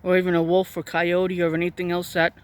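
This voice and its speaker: A woman's voice: on the low side, completely flat delivery, a little fast. A woman vlogging outdoors in a pasture, chatting to cows and donkeys in a coaxing, baby-talk way while filming on a handheld camera. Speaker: vlogger filming farm animals.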